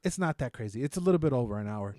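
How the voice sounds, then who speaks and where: Talking very fast with lively intonation, a medium-pitched, mellow-voiced co-host reviews shows on a casual podcast. He rambles, swears and mocks himself, in studio-quality audio with no room sound.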